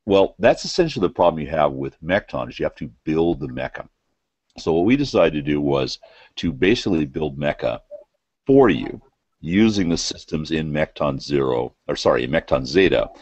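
A man's voice: very deep voice, darkish tone, breathy edge, no echo. A man, a game designer, explaining his game in a casual interview with a joking manner. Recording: dull lo-fi call audio.

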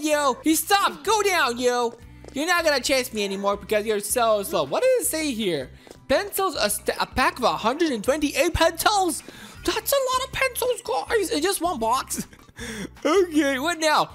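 A woman commenting on her gameplay to her viewers, animated, yelling and laughing as she plays. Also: very high-pitched, normal speed, faint music behind. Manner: animated, squealing and laughing at the game. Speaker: gaming video host.

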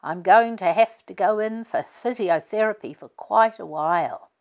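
A woman's voice: mid-range voice, normal speed, highs cut off, lightly acted. A woman doing a sleepy, injured dad. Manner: sleepy and soft. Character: tired, injured father, drowsy and kind.

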